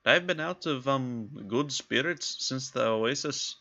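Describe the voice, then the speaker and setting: A man's voice: mid-range voice, takes it slowly, sharp tone, highs cut off, pitched above the performer's own voice. A man voicing a grumbling, wine-loving male companion who wheedles for favors. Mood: pleading. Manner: wheedling, gruff.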